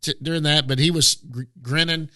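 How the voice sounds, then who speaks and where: A man's voice: fairly high pitch, steady tone, brisk, pushed and bright. A middle-aged man co-hosting a podcast, telling easygoing stories in casual sports chat. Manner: chatty storyteller, easygoing. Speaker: podcast co-host.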